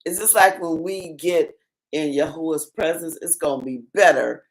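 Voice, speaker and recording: A woman co-host chatting casually about scripture, relaxed and quick to agree. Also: low voice, low-quality recording. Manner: relaxed, agreeing often, with frequent laughs. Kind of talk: casual discussion.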